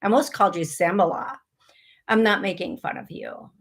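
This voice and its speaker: A middle-aged woman hosts a live call-in show, reading listener questions aloud and answering them in a loose, chatty way. She is blunt and jokey, laughing at her own asides, and her voice sits at a middle pitch. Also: lively intonation, fairly quick, breathy edge. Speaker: psychic medium host.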